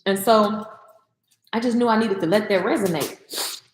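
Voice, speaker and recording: A woman's voice: mid-range voice, normal speed. Woman, casual cooking chat, talks to viewers as y'all, echoey kitchen. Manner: chatty, talks to viewers as y'all, Southern slang. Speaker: vlogger and business coach. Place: home kitchen.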